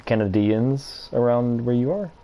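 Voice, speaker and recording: A man's voice: mid-range voice, measured pace, dull audio, noisy background. A man from the US South hosting a casual gaming stream, rambling and thinking aloud as he plays. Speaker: streamer host.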